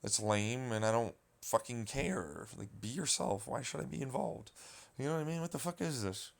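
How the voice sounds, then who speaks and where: A man's voice: medium pitch, lively intonation, moderate pace, creaky. Exasperated man ranting with heavy swearing. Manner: rambling, profane, exasperated. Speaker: vlogger. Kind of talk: casual rant commentary.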